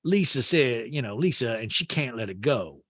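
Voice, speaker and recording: A fussy, flustered woman fusses and mutters in breathy little asides, as a man puts her on. The voice stays near the performer's own and sounds dry and close. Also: mid-range voice, expressive, moderate pace, fairly bright tone, no echo.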